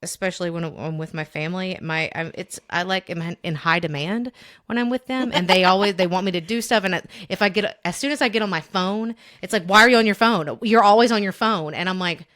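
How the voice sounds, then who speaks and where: A woman's voice: lowish voice, brisk, fairly bright tone. Rambling young woman podcast host. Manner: rambling, filler-heavy storytelling with quoted voices. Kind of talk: casual chat.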